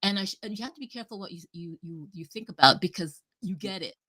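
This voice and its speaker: A woman talking casually and at length on a live audio chat, rambling and animated, cutting herself off and swearing freely. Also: fairly low pitch, quick pace, breathy edge. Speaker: guest speaker.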